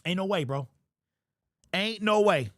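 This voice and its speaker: Reading viewer super chats during a sports livestream, a young man rants in exasperated disbelief and repeats himself. His high voice has lively intonation and a slightly bright tone, delivered unhurriedly. Clean studio sound, no echo.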